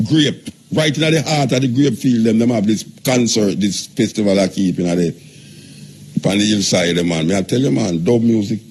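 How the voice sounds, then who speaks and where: A man's voice: mid-range voice, a little hiss or hum. A man with a Jamaican accent hosting a radio talk show, preaching in drawling patois and teasing his callers.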